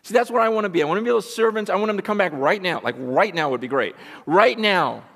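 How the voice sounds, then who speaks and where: A man preaching a sermon, emphatic, dropping from loud bursts to hushed, intense asides. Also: high voice, lively intonation, fast, gravelly, in a large hall.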